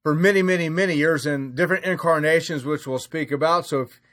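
Brief: Southern US male podcast host, friendly folksy delivery, slightly raised pitch. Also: brisk, fairly bright tone. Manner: folksy, laughs easily, stumbles on words. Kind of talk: podcast interview.

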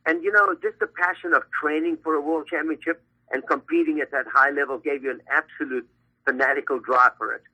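Brief: older South African man phoning in, chatty and boastful, bright tense voice, husky edge. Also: on the high side, steady tone, fairly quick. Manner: chatty, boastful, rambling with fillers. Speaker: guest, hair stylist and brand CEO. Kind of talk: phone-in interview. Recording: tinny phone line.

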